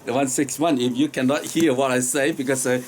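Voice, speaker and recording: A man's voice: medium pitch, steady tone, a little fast, slight background noise. A man with a strong non-native accent teaching informally about an ancient text, hesitant with many fillers and frequent chuckles. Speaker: teacher explaining Tao Te Ching. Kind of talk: informal lecture.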